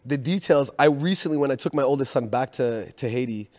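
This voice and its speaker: A man telling a family story in casual chat, animated, laughing often and acting out the people he quotes. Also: mid-range voice, fairly quick, long reverb tail.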